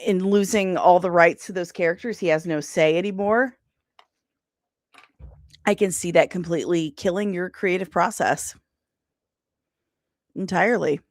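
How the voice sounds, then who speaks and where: A young woman hosts a casual pop culture live stream, playfully bantering with her chat and laughing in exasperation. Her medium-pitched voice comes through clean studio sound with no echo.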